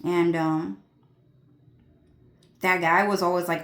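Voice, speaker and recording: A woman's voice: fairly low pitch, steady tone, unhurried. Young woman ranting, swearing, rambling. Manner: crude, swearing, filler-heavy rambling. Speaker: vlogger. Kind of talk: rambling profane rant to viewers.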